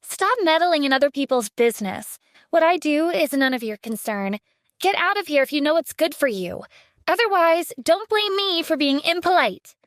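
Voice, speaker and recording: A woman's voice: high-pitched, lively intonation, moderate pace, no room sound, studio quality, voice pushed up. A woman voicing a haughty celebrity diva. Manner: haughty, scornful. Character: arrogant spoiled celebrity influencer woman. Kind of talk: audiobook character voice.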